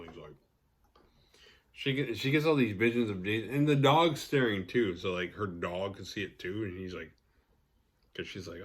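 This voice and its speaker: A man with a slightly low voice rambles through a casual horror movie recap. He swears freely and keeps slipping into quick character voices. He sounds tired and a touch tipsy. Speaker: podcast host.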